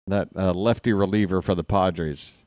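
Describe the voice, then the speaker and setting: A man calling a baseball game on his own stream, chatting casually between pitches and cracking small jokes. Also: fairly even intonation, moderate pace, a little mellow, no echo, studio quality. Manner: casual, self-deprecating, jokey between pitches. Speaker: fan play-by-play broadcaster. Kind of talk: solo baseball play-by-play with chatty asides.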